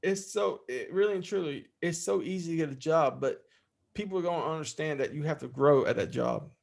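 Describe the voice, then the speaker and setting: A man's voice: fairly high pitch, a little fast, creaky. A man guesting on a podcast, chatting casually in a loose, rambling way and cussing freely. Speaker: guest, interview podcast host. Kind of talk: casual storytelling chat.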